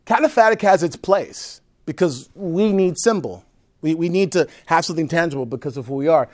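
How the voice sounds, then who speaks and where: A male priest teaching a group in a conversational way, often checking in with "right?" and dropping between loud emphasis and soft, low asides. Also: expressive, brisk. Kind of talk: teaching talk to a live group.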